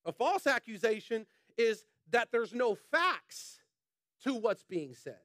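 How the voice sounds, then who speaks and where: Male pastor, high voice, passionate colloquial sermon, dry close sound. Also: a bit bright, no echo. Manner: passionate, emphatic preaching with repetition; colloquial, addresses congregation as y'all.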